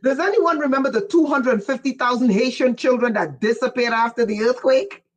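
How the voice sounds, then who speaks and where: A livestream host reading viewer chat, who gets excited and raises their voice, often breaking off with "whoa" and asking listeners whether they follow. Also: mid-range voice, fairly quick. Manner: breaks off with repeated "whoa" and "wait". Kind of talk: casual livestream talk to viewers.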